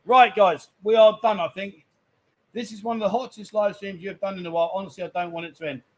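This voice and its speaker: A man's voice: high-pitched, steady tone, fast talker, low-quality recording. A man hosting a live stream from a bar, bantering cheekily with guests. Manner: cheeky, bantering, loud asides. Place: busy bar.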